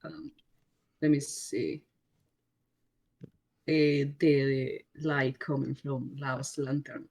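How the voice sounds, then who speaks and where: A woman's voice: extremely low pitch, little pitch movement, drawn-out words, pauses often, darkish tone, slightly rough. A woman narrating as game master in a tabletop game, hesitant and searching for words, often giggling.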